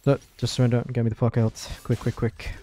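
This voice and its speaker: A man's voice: mid-range voice, little pitch movement, quick pace, mellow, a little hiss or hum. A man streaming his live gameplay with frustrated, swearing commentary, often chanting words over and over. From Europe.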